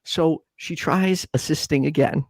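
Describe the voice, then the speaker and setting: A man's voice: unhurried, dry recording. A man in his twenties, co-hosting a casual podcast, telling a story and acting out quotes in a raised voice. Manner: animated, acts out quotes in a high voice. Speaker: podcast co-host.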